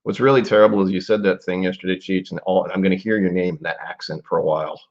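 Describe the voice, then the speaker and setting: A man in his forties with a low, husky voice chats casually on a live stream, thinking out loud and drifting into trailing asides. The stream audio is dull and lo-fi. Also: fairly even intonation, quick pace. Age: 40s. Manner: musing aloud, rambling with trailing asides. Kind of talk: casual live-stream whiskey tasting chat.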